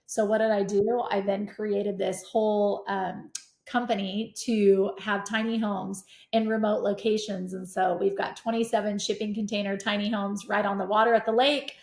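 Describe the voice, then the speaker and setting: A middle-aged woman telling stories as a podcast guest, energetic and animated. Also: medium pitch, normal speed, creaky. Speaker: podcast guest, real estate investor. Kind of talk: casual conversation. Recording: roomy echo.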